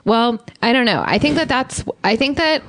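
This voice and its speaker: A woman co-hosting a casual podcast, wry and deadpan, thinking out loud as she talks. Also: on the high side, moderate pace, dry recording, clean studio sound. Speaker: podcast co-host.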